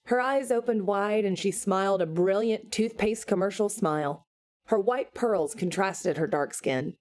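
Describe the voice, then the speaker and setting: Woman, audiobook narration, measured unhurried reading, mid-pitched voice. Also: a little mellow. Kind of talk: scripted narration.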